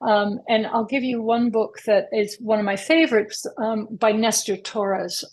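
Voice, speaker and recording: A woman's voice: on the high side, fairly even intonation, measured pace, a little mellow. A middle-aged woman, a therapist, speaking reflectively in an interview and often checking in with a rising "right?". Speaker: therapist guest. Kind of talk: conversational interview.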